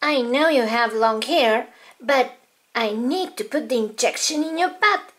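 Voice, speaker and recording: A woman's voice: fairly high pitch, a little slow, a bit bright. A woman voicing dolls in a toy-play video, in a childlike, sing-song way. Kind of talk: toy play with doll voices.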